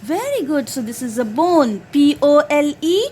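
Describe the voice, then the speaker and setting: A woman's voice: high-pitched, very animated, normal speed, dark tone, slight background noise. A woman drilling her young child on phonics, patiently spelling out letters one by one and praising each answer.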